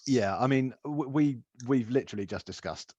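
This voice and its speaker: Over dull, dry video call audio, a podcast co-host in his thirties chats casually, cursing freely and playing out back-and-forths with his kids. His medium-pitched voice is animated, warm and slightly rough, at a normal speed.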